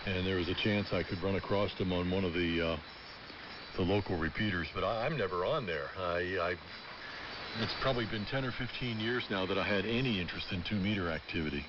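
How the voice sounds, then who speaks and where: Deep-voiced ham operator, easygoing and rambling, heard through muffled static-filled radio. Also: male voice, fairly quick. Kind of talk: casual on-air radio chat. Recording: muffled amateur radio audio, clear static.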